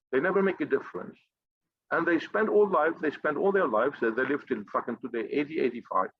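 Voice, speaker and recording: Husky, blunt man ranting profanely. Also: a little high, no echo. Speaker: finance group leader. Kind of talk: impassioned motivational monologue. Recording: dull, slightly lo-fi dry recording.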